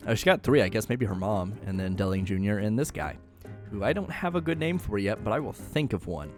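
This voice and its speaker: A man's voice: fairly low pitch, lively intonation, brisk, a little mellow, soft background music. A man casually recapping an anime episode in a joking, rambling way, often laughing.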